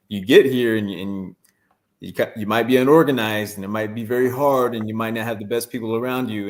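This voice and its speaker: A man on a podcast as a guest, answering in a plain-spoken, direct way and giving advice. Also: on the low side. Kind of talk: casual interview answer.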